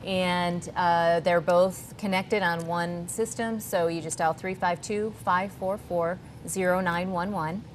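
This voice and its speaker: A woman's voice: on the low side, fairly even intonation, slow, few pauses, a little hiss or hum. Earnest, chatty woman guest. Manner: earnest, chatty, slightly rambling. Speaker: guest from a youth charity. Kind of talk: TV talk-show interview. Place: cooking show set.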